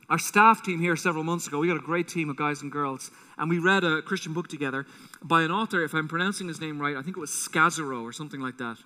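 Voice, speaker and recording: Pastor guy preaching, high voice, echoey church hall. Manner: animated preaching, acts out quotes with rising voice. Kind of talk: sermon. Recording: long hall reverb.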